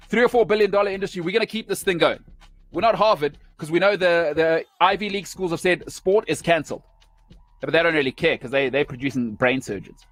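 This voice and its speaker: A man hosting a sports show, delivering an opinionated rant in emphatic, punchy short phrases. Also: high-pitched.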